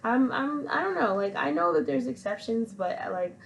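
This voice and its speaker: A woman vlogger telling a story in a relaxed, rambling way, circling back on herself often. Her voice sits at a middle pitch with a gravelly fry, and a faint hiss runs behind her. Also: moderate pace, poor audio. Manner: rambling, full of fillers and restarts. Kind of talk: casual storytelling to camera.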